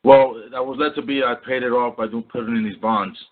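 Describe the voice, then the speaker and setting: A man's voice: mid-range voice, steady tone. A man calling in to a radio show, speaking hesitantly with many restarts. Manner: hesitant, halting. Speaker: caller. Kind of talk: phone-in conversation. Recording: phone-like narrow sound.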